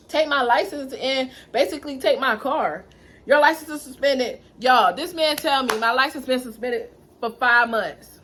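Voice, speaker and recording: Young woman doing a storytime vlog, kinda high voice, super animated and dramatic. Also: moderate pace. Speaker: vlogger.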